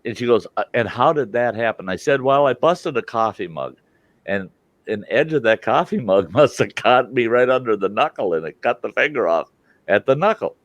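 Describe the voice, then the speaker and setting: A man's voice: mid-range voice, lively intonation, normal speed, highs cut off. An older man tells a story casually and animatedly, slipping into the voices of the people he quotes. His voice sounds close and dry, with no room echo. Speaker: storytelling host.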